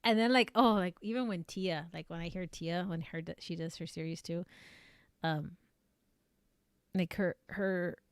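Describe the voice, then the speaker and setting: A woman streamer who does amateur voice acting, chatting casually and rambling with many fillers and restarts in a fairly flat delivery. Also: measured pace, long pauses, clear, resonant tone, no room sound. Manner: flat, low-emotion delivery. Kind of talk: casual live-stream chat.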